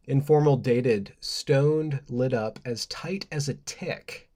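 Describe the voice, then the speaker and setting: A man's voice: fairly high pitch, slow pace, a little mellow. Male livestreamer, casual monologue, playful and rambling, reads lists with jokey asides. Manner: laughs at his own jokes. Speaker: livestream host.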